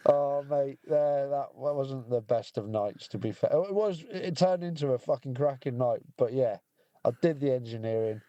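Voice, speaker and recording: British man, mid-pitched, dry sound, laddish sweary army banter. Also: lively intonation, moderate pace, warm tone, no room sound, muffled recording. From United Kingdom. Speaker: podcast co-host, army veteran. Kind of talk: casual chat.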